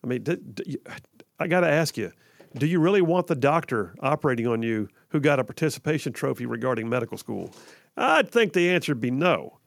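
A man hosting a talk radio show in a studio, in an energetic, folksy, chatty way. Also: mid-range voice, brisk, creaky, no room sound.

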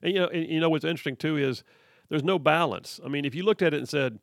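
An emphatic man hosts a talk radio show from the studio with a gravelly edge. His delivery is folksy and energetic. The sound is close and dry, with no room around it. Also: a little high, fast talker, no echo. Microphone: studio mic.

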